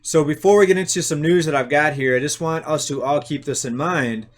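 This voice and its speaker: A man hosting his own channel, giving a casual commentary monologue in an unhurried way with many pauses and restarts. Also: on the high side. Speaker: host of an economics channel.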